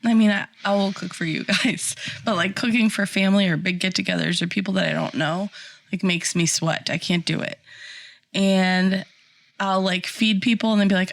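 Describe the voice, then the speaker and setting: A woman's voice: medium pitch, moderate pace, gravelly, no echo. A young adult woman co-hosting a podcast, telling a story animatedly and acting out the people in it. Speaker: podcast co-host. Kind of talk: casual chat.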